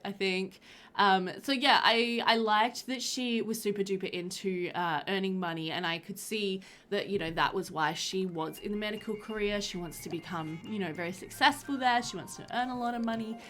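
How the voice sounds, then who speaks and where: A woman's voice: mid-range voice, moderate pace, fairly bright tone. Woman, casual game commentary, chatty, rambling, bubbly, faint music underneath. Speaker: gaming video creator. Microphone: voiceover recorded after gameplay.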